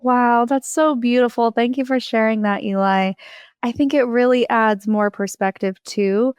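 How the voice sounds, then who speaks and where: A woman hosting an interview podcast, speaking in a warm, affirming and thoughtful way as she reflects on her guest's story. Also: on the high side, steady tone, a little slow, clean tone, no room sound, studio quality. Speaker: podcast host.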